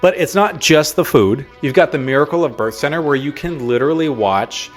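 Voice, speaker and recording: A man's voice: on the high side, fairly quick. A young man from Minnesota, a realtor, talking casually to camera in an upbeat, playful way with mock-stern asides. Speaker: realtor and relocation vlogger. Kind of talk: casual talking-head vlog. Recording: faint music underneath.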